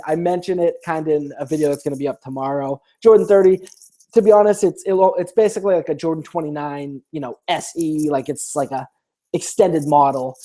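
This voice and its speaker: A man's voice: a little high, dark tone. A man hosting a casual live-stream Q&A, reading viewer questions aloud and rambling through his answers with many restarts.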